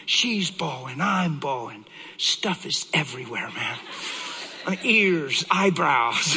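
A middle-aged man, a pastor, giving an emotional, animated sermon testimony. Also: on the high side, slow, husky, poor audio.

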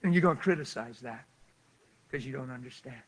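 A man preaching, telling a lively story and acting out the people in it, often laughing as he goes. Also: medium pitch, a little fast, poor audio. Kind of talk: animated storytelling sermon.

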